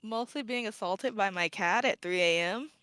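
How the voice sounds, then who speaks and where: A woman playing in a tabletop game, chatting in an animated way and acting out little stories with quoted lines. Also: medium pitch, normal speed, smooth, dry recording. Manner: animated storyteller, quotes herself. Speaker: player. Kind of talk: casual chat before a tabletop game.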